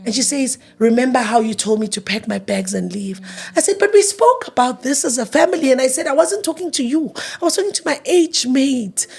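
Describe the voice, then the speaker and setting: A woman's voice: sits high, expressive, a little fast, vocal fry, hardly any pauses, darkish tone, slightly rough. A grieving woman in her thirties tells her story in an interview, emotional and repeating herself as she acts out past arguments in quoted dialogue. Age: 30s. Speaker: interview guest.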